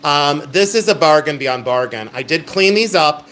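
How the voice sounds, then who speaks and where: A man's voice: on the high side, animated, moderate pace, a bit bright. A middle-aged man hosts a live-stream jewelry auction. He talks in a chatty, emphatic sales patter. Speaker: live sale host.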